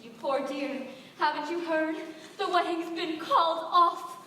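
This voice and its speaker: A teenage girl playing a glamorous, showy young bride with bright theatrical delivery in a school musical. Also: very high-pitched, measured pace, heavily acted. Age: teens. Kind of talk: stage musical acting. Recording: echoey hall taped from far off, noisy.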